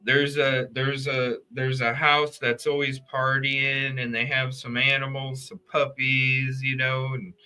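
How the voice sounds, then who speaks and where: A man with a smooth, medium-pitched voice hosts a casual true crime livestream, speaking directly to his chat viewers in an animated, profane and rambling manner.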